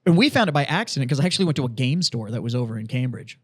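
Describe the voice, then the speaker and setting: A man co-hosting a podcast, telling stories in casual, profane, animated chat. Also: mid-range voice, very fast, slightly rough. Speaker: podcast co-host.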